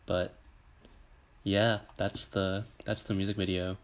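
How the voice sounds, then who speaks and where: A young man reacting to music videos on a casual live stream talks slowly and smoothly in a flat, low-key monotone. He wanders from thought to thought with many fillers and reads comments out loud, pop music going behind him.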